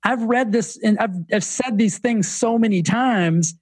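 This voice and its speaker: A man's voice: sits high, unhurried, slightly rough, dry recording. A man with a Southern accent, a fitness coach and author, telling stories animatedly as a podcast guest. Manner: animated storyteller, many restarts. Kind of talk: casual podcast interview.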